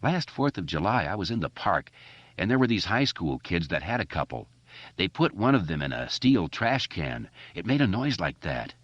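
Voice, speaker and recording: Quiet thoughtful boy, read by a man, calm and low, dull audiobook. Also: moderate pace, dry recording. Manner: quiet, explaining.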